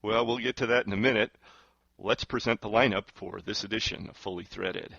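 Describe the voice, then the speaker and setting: A man hosting a talk radio show, reading the intro and lineup in a smooth, upbeat announcer delivery. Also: fairly low pitch, fairly even intonation, a little fast, fairly bright tone, no echo, muffled recording. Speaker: host.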